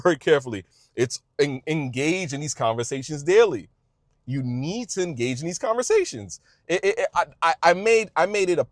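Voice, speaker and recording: Male creator, passionate advice-giver; lively swooping pitch, stumbles and restarts, folksy. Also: no echo, studio quality. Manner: emphatic, repetitive, stumbling restarts; informal speech, says y'all. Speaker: YouTube creator giving advice. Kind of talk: passionate direct-to-camera advice.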